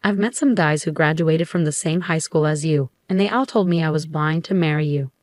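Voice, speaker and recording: A woman reads as a resentful ex-husband who grumbles about his marriage and wheedles to win someone back. The voice sits a little low and sounds dry and close. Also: fairly quick, a little mellow, no echo, natural voice.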